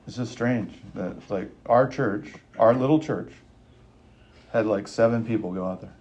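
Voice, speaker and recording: A man's voice: fairly low pitch, a little mellow, muffled recording. Emphatic male preacher, repeats for stress. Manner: emphatic, repeats lines for stress, speeding up and slowing down. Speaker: pastor. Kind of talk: sermon.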